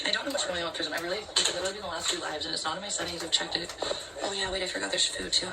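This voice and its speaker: A woman's voice: fairly low pitch, fairly even intonation, racing, creaky, echoey room. A woman livestreaming in casual chat, rambling and swearing as she talks to someone off-mic while sorting groceries. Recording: distant mic with loud background noise.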